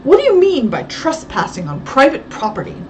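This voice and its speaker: A man's voice: very high voice, huge pitch swings, a little fast, a little mellow, full character voice. A woman reading aloud voices a demanding male villain who fires off questions, a bit distant over faint background noise. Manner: demanding, interrogating.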